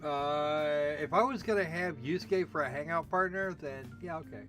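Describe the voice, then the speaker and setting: A man's voice: a little high, moderate pace, a bit bright, soft background music. A man giving casual, sarcastic commentary while playing a video game, rambling with stammered restarts. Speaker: let's play host.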